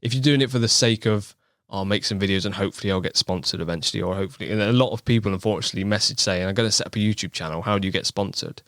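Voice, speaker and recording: A man with a West Country accent chats on a podcast in a low, unhurried voice. He is easygoing and thoughtful and laughs often, and the sound is close and dry. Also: fairly bright tone, no echo. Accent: West Country English. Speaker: podcast guest, angling video maker. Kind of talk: casual podcast chat.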